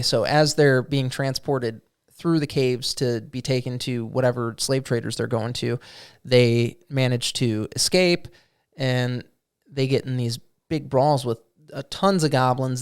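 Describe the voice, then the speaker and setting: A man co-hosting a podcast, casually telling a tabletop game story with plenty of swearing and quick acted-out character lines. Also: medium pitch, clear, resonant tone. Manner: animated storyteller, swearing freely, acts out goblin quotes. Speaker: podcast co-host. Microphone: studio microphone.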